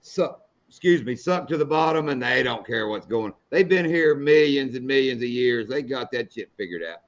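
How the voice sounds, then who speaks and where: A man's voice: mid-range voice, animated, normal speed, muffled recording. A middle-aged man hosting a live fishing show, telling stories in a folksy, salty way. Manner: folksy, storytelling, salty language. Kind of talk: casual live-stream chat.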